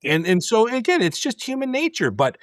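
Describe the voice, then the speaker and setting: A man's voice: sits high, big pitch swings, fairly quick, fairly bright tone, no room sound, clean studio sound. A middle-aged man hosting a podcast, telling a story in a blunt, intense, direct way and acting out the dialogue. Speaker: podcast host. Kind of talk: casual storytelling chat.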